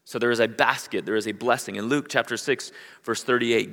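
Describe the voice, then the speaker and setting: Bright-voiced pastor preaching in a hall. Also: male voice, medium pitch, fairly quick. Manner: preaching with rising emphatic bursts. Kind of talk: sermon. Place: church sanctuary. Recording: long hall reverb.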